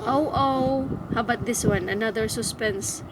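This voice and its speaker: A woman's voice: fairly high pitch, normal speed. A Filipino-accented mother chatting playfully with her toddler, coaxing her with simple questions and laughing often. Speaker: mother playing a sound game with her toddler. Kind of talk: casual chat with a toddler. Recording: noisy home recording with sound effects playing.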